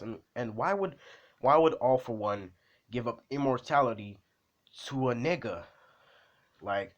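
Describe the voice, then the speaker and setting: A young man rambles through a storytime retelling, swearing freely and slipping in self-deprecating asides. His pitch sits in the middle range. The recording is dull and completely dry. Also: animated, moderate pace, pauses often, dry recording.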